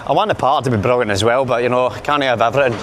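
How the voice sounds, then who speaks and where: Very noisy street sound surrounds this mid-range, rapid-fire Glaswegian voice. He's a vlogger walking around the city with a handheld camera, keeping up a chatty, jokey patter aimed at his audience.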